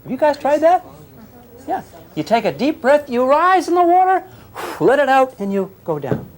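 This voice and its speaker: A man's voice: very high-pitched, sing-song, moderate pace. An older man giving a physics lecture to a class, teasing and questioning his students as he explains. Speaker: physics teacher.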